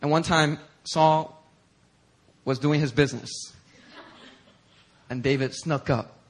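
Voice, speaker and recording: A male pastor preaching a sermon in a church, telling stories in an animated, conversational way. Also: fairly high pitch, slow. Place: church sanctuary.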